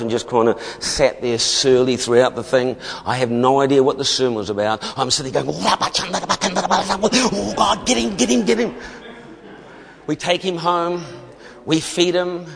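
A man's voice: medium pitch, normal speed. A man, preaching a sermon as an emphatic storyteller who laughs often. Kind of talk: sermon testimony. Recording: long hall reverb.

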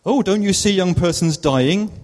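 Earnest, coaxing evangelist, quoted by a preacher in a reverberant hall. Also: male voice, high voice, normal speed, a little mellow, pitched above the performer's own voice, lightly acted. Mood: probing. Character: earnest adult male evangelist, gently persuasive.

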